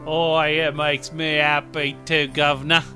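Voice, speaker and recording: A man's voice: on the high side, level tone, measured pace, pushed and bright, soft background music. An actor playing an American man who insists he is British, in a chirpy put-on British accent full of slang, in a comedy sketch. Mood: chipper. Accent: put-on British English. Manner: chirpy, stubborn, slang-heavy. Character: American man faking a cheery British persona.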